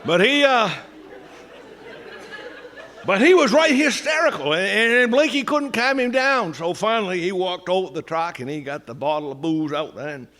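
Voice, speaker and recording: A man's voice: high-pitched, animated, moderate pace, sharp tone, a faint crowd, slight background noise. A man with a Maine accent telling a comic folk story in a dry, drawling way, full of local sayings. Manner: dry, folksy, drawling delivery. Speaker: humorist storyteller.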